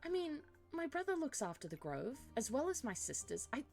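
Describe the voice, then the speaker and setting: A wistful young ranger girl, played by a woman, talks quietly and unsurely, her voice lifted higher than the performer's usual and kept hushed. Faint music plays behind her. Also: very animated, fairly quick. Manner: soft, hesitant and yearning. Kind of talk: cosy tavern role-play.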